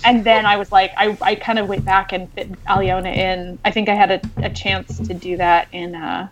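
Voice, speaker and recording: A woman novelist talking casually about her writing, animated and excited, with many fillers. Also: medium pitch, normal speed. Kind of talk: casual podcast chat.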